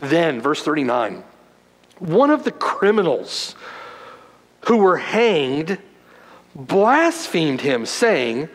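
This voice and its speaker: Male preacher, unhurried delivery, big swings between loud stress and hushed lines, long church reverb. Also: sing-song. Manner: dramatic preaching, swinging from loud emphasis to hushed low tones. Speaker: pastor. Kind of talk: sermon. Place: church sanctuary.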